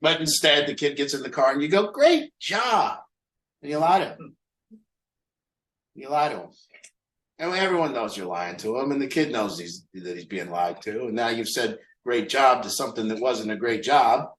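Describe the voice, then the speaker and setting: A man's voice: medium pitch, moderate pace, a bit bright, reverberant, poor audio. A man leading a recovery group, talking candidly and mocking himself, asking rhetorical questions. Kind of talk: group talk on a call.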